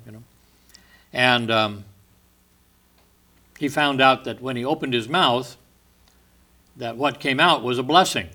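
A man's voice: medium pitch, normal speed, long pauses, sharp tone. A man teaching from the Bible, reading verses with rising emphasis and retelling the stories in casual asides. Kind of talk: sermon.

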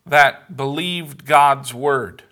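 A male pastor delivers a sermon in an earnest, measured way, pausing to stress his points. He speaks slowly, with a bright, forceful edge to his voice. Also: medium pitch. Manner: earnest, measured preaching with emphatic pauses.

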